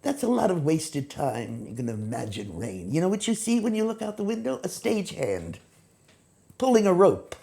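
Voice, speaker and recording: Animated, gravelly woman teaching acting. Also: on the low side, moderate pace. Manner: animated, acts out examples in quoted voices. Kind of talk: teaching talk to camera.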